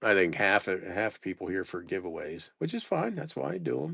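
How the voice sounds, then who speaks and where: A man's voice: low voice, big pitch swings, brisk, vocal fry, bright, forceful tone, husky, no room sound, clean studio sound. A man running a casual live sales stream, reading out place names and stumbling over how to say them, self-mocking. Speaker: live-stream postcard seller.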